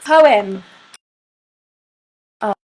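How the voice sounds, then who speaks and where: A woman's voice: mid-range voice, animated, extremely slow, a little mellow, poor audio. A woman hosting a live stream at home, chatting to viewers by name and reading poems aloud with playful emphasis. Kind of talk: casual chat and poetry reading.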